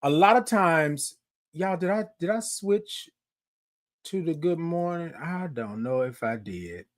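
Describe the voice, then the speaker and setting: Male host, casual live-stream chat, talks straight to viewers, slightly high pitch. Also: expressive, slow. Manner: chatty, addresses viewers as y'all, repeats himself. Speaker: host of a live morning show.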